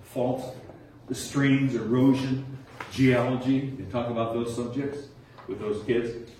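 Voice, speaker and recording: A man giving an informal talk to a small group about teaching kids, acting out children's answers with lively rising tones. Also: medium pitch, slow pace, slight background noise. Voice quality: chatty, acts out kids' answers with rising tones. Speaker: nature center docent training teachers. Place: indoor room with a nature diorama. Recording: echoey room from far off.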